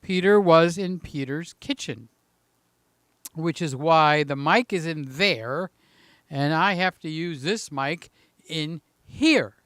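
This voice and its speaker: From a room in his house, a man hosts a casual live stream, chatting and joking while reading out the chat, a bit out of breath and holding a handheld mic. His voice is on the high side, slow, and slightly bright, with no room sound.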